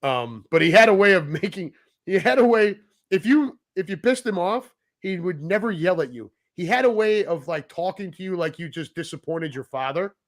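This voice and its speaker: A man's voice: sits high, animated, normal speed. A middle-aged man, a podcast co-host, telling a long story in casual chat, acting out the people he quotes and swearing freely.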